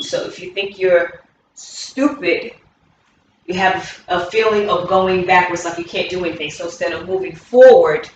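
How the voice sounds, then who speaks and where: A woman's voice: on the low side, dull audio, a little hiss or hum. A woman teaching as a movement coach, repeating key words with emphasis as she demonstrates. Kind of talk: instructional talk with movement demonstrations. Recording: very echoey room, distant mic.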